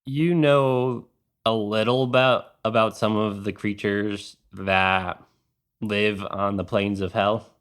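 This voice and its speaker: A man narrating a tabletop game as the game master, in calm and unhurried narration. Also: on the low side, smooth.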